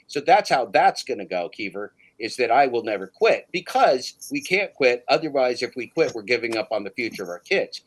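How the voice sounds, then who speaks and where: A man's voice: mid-range voice, big pitch swings, normal speed, few pauses, low-quality recording. A man hosting a livestream chat, ranting emphatically and repeating his listener's name for effect. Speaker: livestream host. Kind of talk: casual chat.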